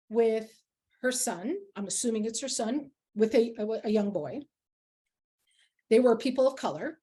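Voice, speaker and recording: A woman's voice: fairly high pitch, mellow. Earnest woman leading a workshop. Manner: earnest and emphatic. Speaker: workshop facilitator. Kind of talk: workshop talk with personal anecdotes.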